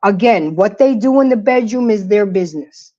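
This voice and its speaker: A woman's voice: mid-range voice, lively intonation, normal speed, mellow. A middle-aged woman hosting a casual livestream, talking emphatically and preaching to her viewers while greeting the chat. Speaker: livestream host. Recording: lo-fi dull audio.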